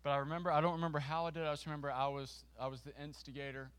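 A man preaching to a congregation, telling a funny story with a volunteer on stage, lively and self-mocking. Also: fairly high pitch, smooth. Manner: lively and self-mocking, with quick restarts and laughter.

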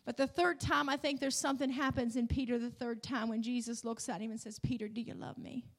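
Woman preacher, high voice, emphatic sermon delivery with rising and falling emphasis. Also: fairly even intonation, brisk. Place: church in front of a congregation.

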